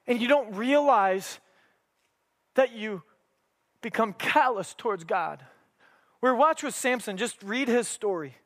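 A man's voice: very high voice, animated, takes it slowly, pauses often, fairly bright tone. A man preaching a sermon in an emphatic, conversational manner with humorous asides.

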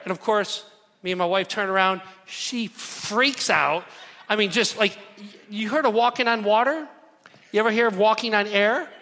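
A man preaching a sermon to a congregation, telling a story with lively repetition and calls to the room. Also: high-pitched. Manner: animated, repeats phrases for emphasis, calls to the congregation. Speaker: pastor. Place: church hall. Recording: long hall reverb.

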